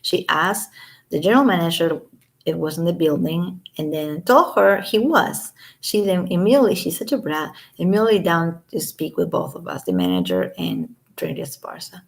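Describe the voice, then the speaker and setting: Low gravelly woman, sarcastic vlogger. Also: animated, normal speed. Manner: sarcastic, scoffing asides. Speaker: commentary vlogger. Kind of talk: casual commentary reading court statements aloud.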